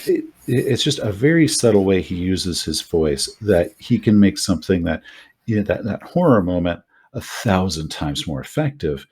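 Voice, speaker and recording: Husky deep-voiced man, lively and rambling. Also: moderate pace. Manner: animated, rambling with many asides. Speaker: podcast co-host. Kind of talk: casual chat about tabletop horror gaming.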